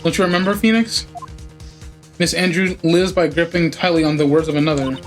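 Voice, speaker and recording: A man voicing a cold, arrogant prosecutor who speaks in cool, deliberate sentences. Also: on the high side, steady tone, soft background music, natural voice. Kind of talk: game dialogue read aloud.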